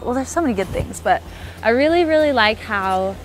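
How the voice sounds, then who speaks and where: A woman's voice: on the high side, expressive, brisk. A young woman in her twenties tells how she met her fiancé, laughing often and acting out her own quotes. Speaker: bride-to-be telling her love story. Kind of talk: casual interview storytelling. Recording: soft music underneath.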